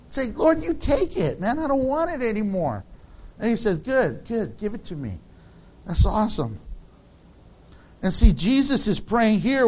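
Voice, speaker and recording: A male pastor preaching a sermon in an earnest, animated way, laughing now and then between points. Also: high voice.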